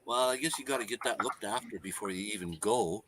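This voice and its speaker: Bright-voiced jokey Canadian man. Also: lowish voice, a little fast, slight background noise. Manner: jokey, tells corny jokes, laughs at his own lines. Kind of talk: casual chat.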